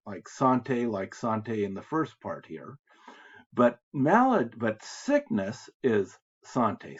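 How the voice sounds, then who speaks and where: A man's voice: medium pitch, husky. An American man teaching French reading, who reads French phrases aloud and then patiently explains them in English. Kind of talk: recorded lecture explaining translations. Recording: slightly dull lo-fi lecture audio.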